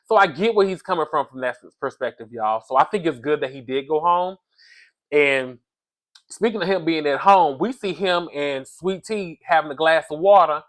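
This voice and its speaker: A man giving a casual, animated recap of a reality show, talking straight to his viewers and often adding "allegedly". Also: on the high side, normal speed. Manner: animated, talks to the audience as "y'all", says "allegedly" often. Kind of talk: casual commentary.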